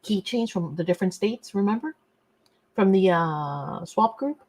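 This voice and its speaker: Woman, craft livestream host, casual chatty talk, middle pitch. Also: lively intonation, unhurried, darkish tone. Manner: chatty, reads viewer comments, fusses over a sore torn nail. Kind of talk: casual live chat while crafting.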